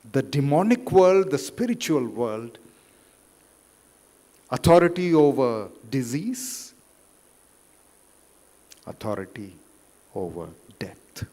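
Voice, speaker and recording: Slow, deliberate man preaching. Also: medium pitch. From India. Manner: slow, deliberate, rises loud for quotes then drops quiet. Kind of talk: sermon. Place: church hall. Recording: reverberant church hall.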